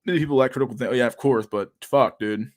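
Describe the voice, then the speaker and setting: A man's voice: mid-range voice, quick pace. Profane, sarcastic young man streaming. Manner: profane, slangy, laughing, sarcastic. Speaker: livestream host. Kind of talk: casual livestream chat.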